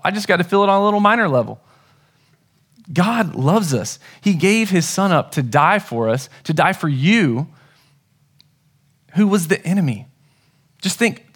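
A man's voice: on the high side, a bit bright. A man in his thirties preaching a sermon as pastor, telling family stories in an earnest, conversational way. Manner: conversational, earnest storytelling with restarts.

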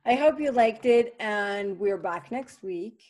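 A woman co-hosting a spiritual podcast and working as a therapist, speaking in a gentle, reflective way with frequent fillers. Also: medium pitch, expressive, slow. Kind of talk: casual spiritual podcast chat.

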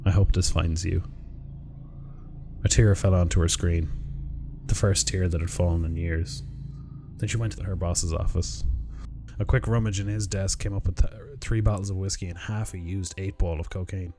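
A man narrating a short story in a measured, even storytelling delivery. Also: low-pitched, background noise. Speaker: narrator reading short stories. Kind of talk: scripted story reading. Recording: music bed under the voice. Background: music.

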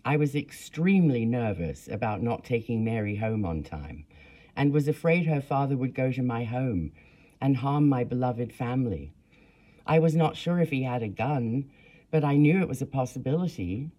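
Earnest first-person memoir narrator, lively pitch. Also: normal speed.

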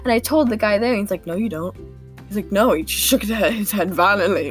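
A woman's voice: medium pitch, fast talker, soft background music. A teenage girl hosting a podcast, talking through her day in a rambling, self-deprecating way with frequent nervous giggles. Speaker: podcast host. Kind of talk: casual diary-style monologue.

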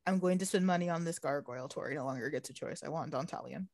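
A young woman co-hosting a podcast in casual chat, animated, swearing freely and laughing often. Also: deep voice, fast, dry recording, clean studio sound. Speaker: podcast co-host.

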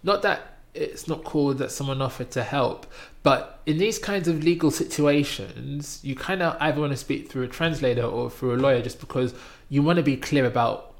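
A man's voice: mid-range voice, normal speed, gravelly. A man from Britain casually telling a personal travel story in conversation, acting out other people's lines with raised voices. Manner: animated storytelling, acting out quoted voices loudly. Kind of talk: casual chat, anecdote.

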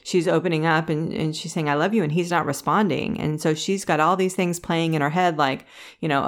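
A woman with a slightly low voice co-hosts a casual podcast chat. She tells stories at length and slips into lively quoted voices, often restarting her sentences. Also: fairly quick. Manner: storytelling, animated when quoting others; frequent restarts and laughs. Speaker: podcast co-host.

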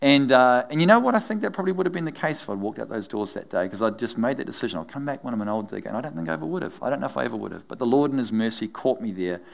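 A man's voice: medium pitch, very fast, vocal fry, few pauses. A middle-aged man preaching a sermon, telling stories with humor and laughing often. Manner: animated, humorous storytelling with frequent laughs. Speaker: pastor.

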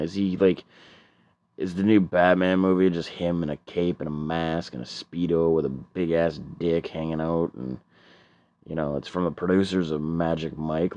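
A man's voice: deep voice, darkish tone, no echo, highs cut off. A man doing a stand-up comedy set, rambling and profane with stammering repeats.

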